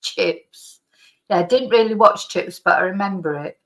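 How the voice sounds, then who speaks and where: With a medium pitch, normal speed and a fairly bright tone, a middle-aged woman hosts a live stream. She reads viewer comments aloud in casual, rambling chat, coughing slightly now and then, restarting often and laughing.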